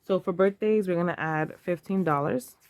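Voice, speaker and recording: A woman's voice: lowish voice, normal speed, darkish tone, no room sound. A woman in her thirties, talking casually and emotionally to camera while counting cash aloud. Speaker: vlogger.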